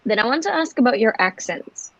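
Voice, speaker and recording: A woman's voice: a little high, animated, brisk, fairly bright tone, no echo, muffled recording. A woman co-hosting a casual chat, asking short, inquisitive follow-up questions.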